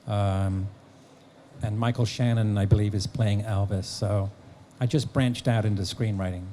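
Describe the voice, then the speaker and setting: A middle-aged man telling an animated anecdote as a guest at a fan press conference. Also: lowish voice, a little slow, a little hiss or hum. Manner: animated storyteller, slips into voices for the people he quotes. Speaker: actor and author guest.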